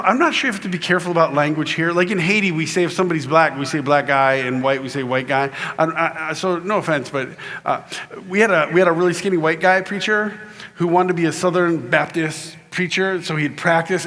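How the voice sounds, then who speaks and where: Man, keynote speaker, comic storytelling sermon, bright tone, acts out voices. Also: fairly high pitch. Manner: animated, acts out voices, laughs often. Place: large conference hall.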